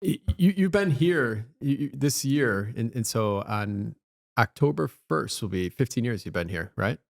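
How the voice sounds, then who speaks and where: A middle-aged man hosting a podcast, bantering quickly and warmly with his guest. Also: mid-range voice, lively intonation, creaky. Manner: quick, upbeat, teasing banter. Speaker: podcast host. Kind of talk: casual interview chat.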